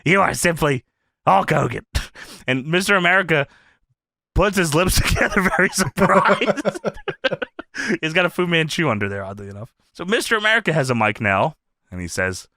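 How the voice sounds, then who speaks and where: A man hosting a podcast in a casual, animated style, often laughing and swearing. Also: a little high, moderate pace, long pauses, no room sound, clean studio sound. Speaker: podcast host. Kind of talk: casual retro wrestling review.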